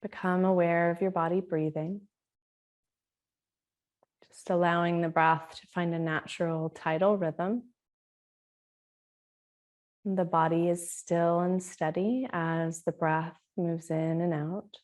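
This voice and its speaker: A woman leads a guided meditation with a calm, soothing delivery. Her voice sits fairly low and she takes her time, leaving words room to settle. The tone stays gently inviting throughout. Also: slow, long pauses. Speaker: meditation teacher. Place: Australia.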